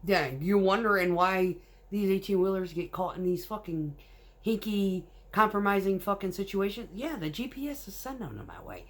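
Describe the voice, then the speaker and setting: A woman's voice: mid-range voice, lively intonation, normal speed. A woman, a concrete mixer truck driver, telling work stories in a blunt, casual way full of swearing. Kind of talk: casual storytelling.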